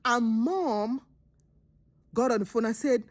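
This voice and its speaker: A woman casually retelling a movie's plot in a vlog, animated and dramatic, jumping into high voices to act out the characters. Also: unhurried, pauses often. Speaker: movie reviewer.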